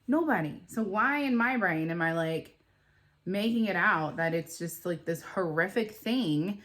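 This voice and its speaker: A woman's voice: lowish voice, animated, unhurried, a bit bright. A woman and mother talking in a rambling, emotional, confessional way to her vlog audience. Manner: rambling, emotional self-talk. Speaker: vlogger and mother.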